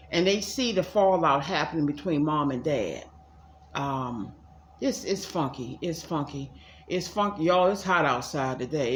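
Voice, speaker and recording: A woman's voice: on the low side, a little hiss or hum. Chatty woman tarot reader, echoey room. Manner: chatty, addresses viewers as y'all, repeats herself. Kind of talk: casual livestream tarot reading. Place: at home.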